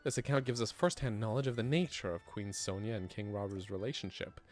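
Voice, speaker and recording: A man's voice: on the low side, brisk, a little mellow, faint music behind, close to an everyday voice. A man reading as an eager old-fashioned scholar. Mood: enthusiastic. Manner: reads game dialogue aloud, theatrical and wordy. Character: eager fussy male historian scholar.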